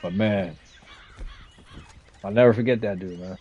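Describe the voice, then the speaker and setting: A man's voice: lowish voice, a little slow, breathy edge, highs cut off. A man in his forties from San Jose, a gaming streamer telling childhood stories in slangy, profane street talk. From west side of San Jose, California. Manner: slangy, streetwise and profane, with lots of "you know what I'm saying" and "right?". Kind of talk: casual storytelling chat.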